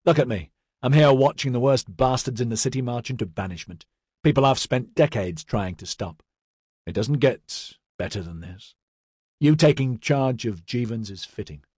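A man's voice: mid-range voice, darkish tone, breathy edge, no room sound, studio quality. A man voicing an aging male senior constable near retirement, proud and shrewd.

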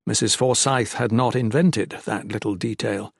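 A man narrating an audiobook in a measured, descriptive way. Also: on the low side, steady tone, creaky, slightly rough, dry recording, clean studio sound.

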